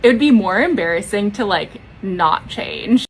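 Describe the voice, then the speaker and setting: A woman's voice: mid-range voice, lively intonation, a little slow, breathy edge, low-quality recording. A young woman talking to camera in a casual vlog, with a Valley-girl manner and lots of "like".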